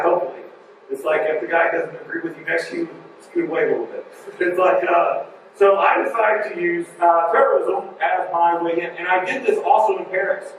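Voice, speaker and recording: A man giving a live conference talk, joking and animated, wandering off on side remarks. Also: sits high, a little hiss or hum. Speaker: conference speaker. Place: large conference hall. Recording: echoey hall, mic from far off.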